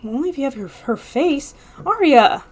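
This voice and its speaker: A woman hosting a reaction video, commenting casually and excitably, gasping and talking to the screen. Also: high voice, normal speed, a little hiss or hum.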